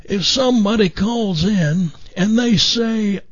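A man voicing a folksy older male gardening host with a raspy voice and a slight southern lilt, giving homespun advice. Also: high voice, slow pace, no room sound, highs cut off, pitched above the performer's own voice, full character voice. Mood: folksy, amused.

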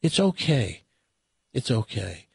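A man voicing a gentle mother reassuring her frightened teenage child in a told joke. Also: mid-range voice, big pitch swings, slow pace, creaky, breathy edge, no echo, studio quality, full character voice. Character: soothing mother calming her teenage daughter.

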